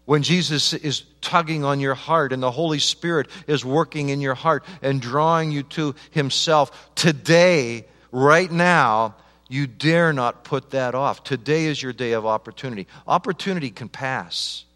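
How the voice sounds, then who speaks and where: Impassioned preacher in a reverberant church hall. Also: male voice, mid-range voice, a little slow. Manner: swings from hushed pleading to loud impassioned preaching. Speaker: pastor. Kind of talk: sermon. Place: church sanctuary.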